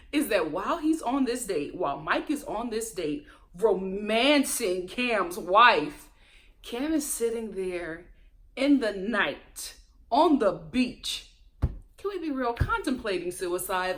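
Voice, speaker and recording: Lively, gossipy woman reviewing reality TV. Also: a little high, unhurried. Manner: animated and gossipy, mimics cast members. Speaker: show recap host.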